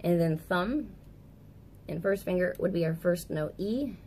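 A young woman, a music teacher, giving a casual clarinet tutorial indoors at a table, chatty and quick to correct herself. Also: fairly low pitch, animated, mellow, a little hiss or hum.

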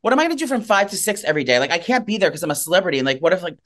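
A man co-hosting a gossipy chat, rattling through stories in an excitable, filler-heavy way. He talks at a rapid clip. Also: high-pitched. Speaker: podcast co-host.

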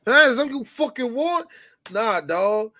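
A man playing a hot-tempered Italian mob bar owner who shouts and curses. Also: extremely high pitch, expressive, normal speed, pitched above the performer's own voice, exaggerated voice. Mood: outraged. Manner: shouting, profane, bossy.

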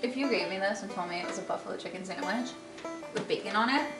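A young woman from California, a friend joining a casual eating vlog, teasing and goofy with bursts of loud enthusiasm. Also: mid-range voice, fast. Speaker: guest friend. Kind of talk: casual chat while eating. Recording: echoey room, mic far off, music playing behind.

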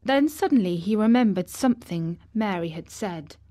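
A woman reading a classic children's novel as audiobook narration, measured and steady. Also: mid-range voice. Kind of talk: scripted narration.

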